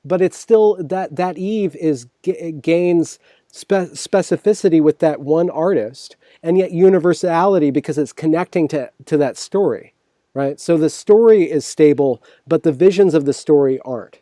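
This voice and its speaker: A man hosting a casual conversation, thinking out loud with many restarts and checking "right?" as he explains. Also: a little high, normal speed, no room sound, studio quality. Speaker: host.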